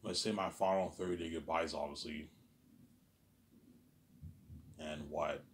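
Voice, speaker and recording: A man talking alone in an intense, repetitive, rambling monologue, often trailing off quietly and swearing. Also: extremely low pitch, steady tone, quick pace, slight background noise. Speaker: vlogger.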